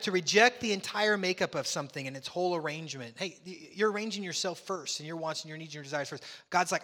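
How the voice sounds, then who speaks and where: Animated preacher with a high, bright voice. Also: male voice, fast, few pauses, in a large hall. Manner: animated, acts out dialogue. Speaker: pastor. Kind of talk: sermon.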